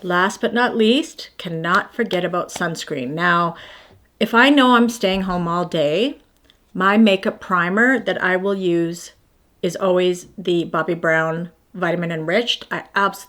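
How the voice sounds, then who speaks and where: With a lowish, fairly bright voice, a woman in her 50s vlogs her morning skincare routine in a casual way. Showing off each product, she rambles and is self-deprecating.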